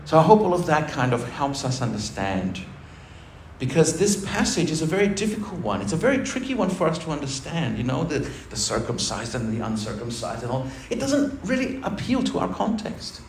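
A pastor with a slightly high, sing-song voice preaches briskly, chatting and joking with his church amid laughs. The church hall recording is roomy, with faint noise.

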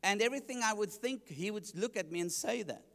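A man's voice: sits high, lively intonation, brisk, creaky, fairly bright tone. A man preaching his testimony, telling the story animatedly and acting out his own past reactions. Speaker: evangelist. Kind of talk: sermon testimony. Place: church. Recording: long church reverb.

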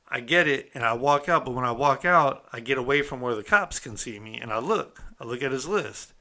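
A man's voice: mid-range voice, sharp tone. A man casually telling a story from his own past in a streetwise, conversational way, often checking in with the listener. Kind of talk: casual first-person storytelling.

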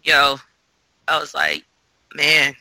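A woman's voice: low-pitched, flat delivery, slow pace, pushed and bright, dry recording, low-quality recording. A woman co-hosting a podcast, chatting casually with slang and stumbling restarts. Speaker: podcast co-host. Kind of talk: casual chat.

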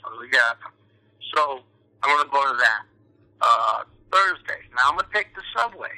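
A man's voice: mid-range voice, lively intonation, normal speed, bright, forceful tone, low-quality recording. A man from New York, an actor guest chatting casually in an interview, rambling with lots of fillers and restarts.

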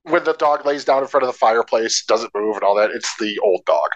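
A man's voice: medium pitch, fairly quick, dry recording, muffled recording. A man co-hosting a podcast, casually recounting behind-the-scenes film trivia with sarcastic asides. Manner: animated storyteller, sarcastic asides. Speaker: podcast co-host.

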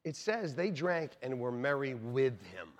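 A man of medium pitch delivers a sermon at a measured pace, heard on dull audio from a church sanctuary. As pastor, he tells lively stories full of acted-out voices and jokes for the congregation.

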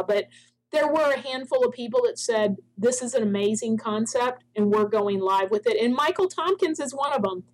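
A woman's voice: medium pitch, low-quality recording. A middle-aged woman, a founder of a spa products company, telling a long story in an interview and acting out the dialogue she quotes.

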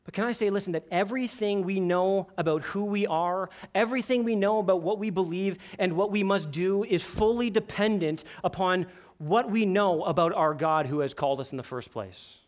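A man in his thirties preaching a sermon to his church, earnest and lively, often repeating "listen" as he tells stories. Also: high voice, normal speed, few pauses. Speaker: pastor. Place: church sanctuary.

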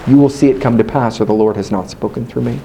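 A man's voice: mid-range voice, quick pace, gravelly, dark tone, a little hiss or hum, low-quality recording. A man preaching a sermon in a hotel meeting room, building his points through rhythmic repetition and call-and-response with the congregation.

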